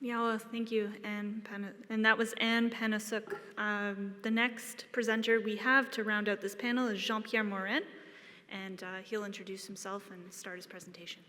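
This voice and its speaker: A woman's voice: mid-range voice, little pitch movement, normal speed, pushed and bright. A woman moderating a panel, briefly and politely introducing the next presenter. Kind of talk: introducing speakers. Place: large conference hall. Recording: distant mic, long hall reverb.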